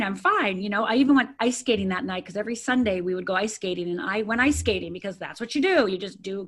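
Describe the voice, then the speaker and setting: Her voice is mid-range and fairly bright: a middle-aged woman from Michigan's Upper Peninsula. Being interviewed, she tells her personal story frankly, full of filler words and repetitions.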